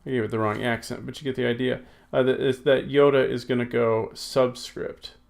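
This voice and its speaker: A man's voice: mid-range voice, level tone, moderate pace, vocal fry, darkish tone. A man teaching a recorded lesson, thinking aloud as he types and correcting himself with many fillers. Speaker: Greek teacher. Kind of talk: recorded lesson, working through exercises.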